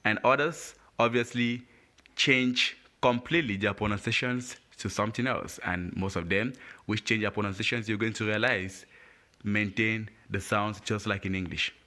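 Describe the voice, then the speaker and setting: A man teaching French pronunciation letter by letter, patient and deliberate. He says each word, asks the listener to repeat it, and praises them. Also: fairly low pitch, fairly even intonation, pushed and bright. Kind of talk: slow, deliberate language lesson.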